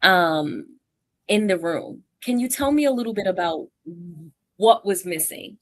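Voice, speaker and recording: A woman's voice: mid-range voice, lively intonation, a little slow, fairly bright tone, no echo. A woman hosting a conversation, affirming her guest and asking follow-up questions. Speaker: host. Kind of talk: hosted conversation.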